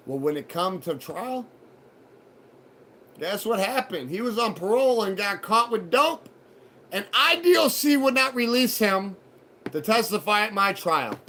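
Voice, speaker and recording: A man with a high-pitched voice tells a story on a live show. He swears often, acts out the other voices with lots of energy, and a faint hum of ambience sits underneath him. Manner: profane, animated retelling with acted quotes. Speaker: show host telling a personal story. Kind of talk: casual storytelling.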